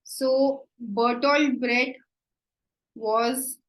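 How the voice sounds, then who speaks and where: A woman with an Indian English accent giving an exam coaching lecture, slow and deliberate, often checking with "right?". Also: sits high, steady tone, roomy sound, rough recording. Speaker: teacher.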